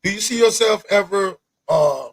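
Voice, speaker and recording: A man hosting a podcast interview, talking in an animated, rambling way, swearing often and repeating himself. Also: sits high, normal speed, husky, dry recording, rough recording. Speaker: podcast host. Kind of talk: casual interview chat.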